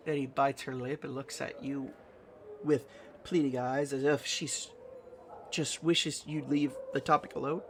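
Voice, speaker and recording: A man reading game dialogue aloud with commentary in a slow, musing, low-key way. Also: flat delivery, a little hiss or hum.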